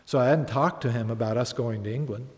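A man's voice: medium pitch, fast. Man preaching in a reverberant hall. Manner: storytelling, rising to earnest emphatic appeals. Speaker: pastor. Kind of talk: sermon.

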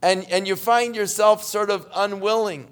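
A man preaching and leading a closing prayer in a church, his voice soft and measured in prayer and livelier when he exhorts. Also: sits high, fairly even intonation, clear, resonant tone. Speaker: pastor.

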